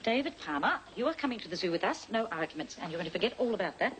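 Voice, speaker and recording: A brisk, teasing mother in a 1980s TV soap. Her lively voice swings up and down as she chides her husband. Faint noise sits under her lines. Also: mid-range voice, poor audio. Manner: brisk, chiding. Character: cheerful, teasing middle-aged mother. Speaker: mother and wife.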